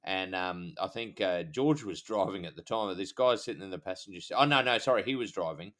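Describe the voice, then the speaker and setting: An Australian man, a police officer co-hosting a podcast, telling stories in a halting way full of fillers. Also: low-pitched, fairly bright tone. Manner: halting, filler-heavy storytelling. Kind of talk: casual chat.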